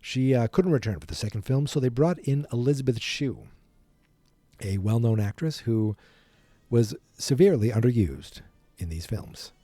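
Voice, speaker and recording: A man's voice: medium pitch, animated, normal speed, warm tone, no room sound. A man hosting a podcast, casually retelling a film from memory in a rambling, self-deprecating way. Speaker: podcast host.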